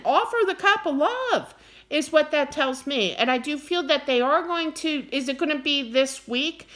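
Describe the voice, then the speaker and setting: A middle-aged woman giving a casual tarot reading to camera, animated and quick to get wound up and scold playfully. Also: sits high. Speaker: tarot card reader.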